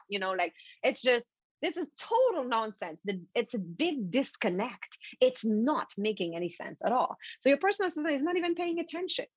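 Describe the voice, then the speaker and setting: A French Canadian woman, a native French speaker, explaining a mindset technique as a podcast guest in an animated, repetitive way. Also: a little high, brisk, slightly rough, no echo. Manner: animated, repetitive, stumbling restarts. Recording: dull lo-fi dry recording.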